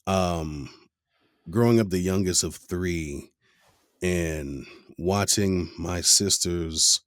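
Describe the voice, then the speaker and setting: A man's voice: sits low, extremely slow, no room sound, clean studio sound. A man hosting a podcast interview, talking in a laid-back, reflective way. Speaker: podcast host. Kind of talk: casual interview chat.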